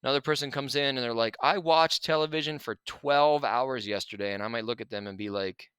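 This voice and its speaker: A man teaching a grammar lesson over slides, relaxed and chatty, with asides to his students. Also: mid-range voice, brisk, clean tone, no room sound. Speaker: Spanish teacher.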